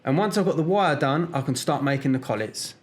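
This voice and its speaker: East London jeweller, slightly high voice. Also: male voice, expressive, brisk. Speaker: jeweller and channel host. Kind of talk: casual vlog narration.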